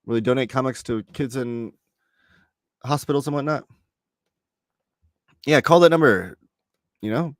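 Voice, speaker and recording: A man in his thirties hosting a live stream from home, chatting casually and reading out viewer comments in a relaxed, rambling way. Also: medium pitch, measured pace, pauses often, no echo, clean studio sound. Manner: relaxed, rambling, reads chat messages aloud. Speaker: host. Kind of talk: casual livestream chat.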